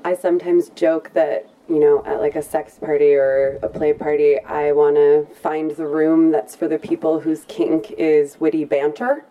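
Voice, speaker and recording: A woman's voice: sits low, little pitch movement, unhurried, hardly any pauses, phone-quality sound. A woman telling a funny personal story at a live storytelling event, chatty and playful, often laughing as she talks.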